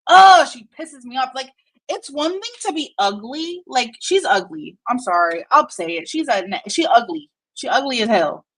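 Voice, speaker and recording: A woman's voice: high voice, expressive, moderate pace, fairly bright tone, low-quality recording. A woman streaming casual commentary, blunt and profane, rambling and laughing often while she multitasks on screen. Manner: distracted while working on screen.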